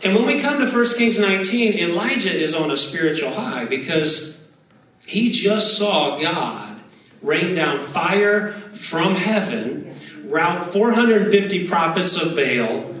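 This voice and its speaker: A man in his thirties preaching a sermon as pastor, conversational and animated, with asides and repeated words. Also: high voice, slow pace, a little hiss or hum. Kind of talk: sermon with prayer. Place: church sanctuary. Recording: echoey hall, voice from a distance, faint ambience.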